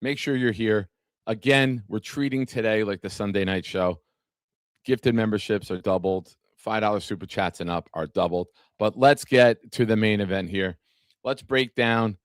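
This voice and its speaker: A man's voice: lowish voice, normal speed, dry recording, clean studio sound. Chatty male sports stream host. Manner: chatty, talks to chat viewers by name. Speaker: podcast host. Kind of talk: casual live-stream sports talk.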